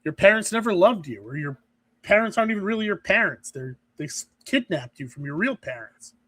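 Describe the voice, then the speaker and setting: A man with a notably high voice, fired up and ranting in casual podcast banter. The sound is close and dry, with almost no room around it. He talks in bursts and backs off with quick apologies. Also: very animated, fairly bright tone, dry recording. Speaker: podcast co-host. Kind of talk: casual chat.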